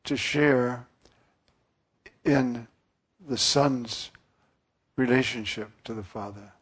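A priest giving an earnest, musing sermon, often pausing with fillers. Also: male voice, medium pitch, fairly bright tone, husky.

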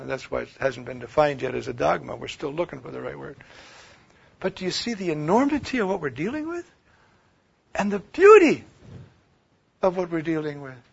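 A man preaches with a high, gravelly voice, rising to loud declaiming and dropping to hushed near-whispers. The recording is dull and lo-fi. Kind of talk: sermon.

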